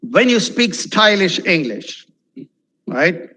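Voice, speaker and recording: Animated man drilling English pronunciation. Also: high voice, takes it slowly, rough recording. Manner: animated, repeats words for drill, checks in with "okay?". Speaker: webinar speaker on spoken English. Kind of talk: online lecture. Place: webinar, video call.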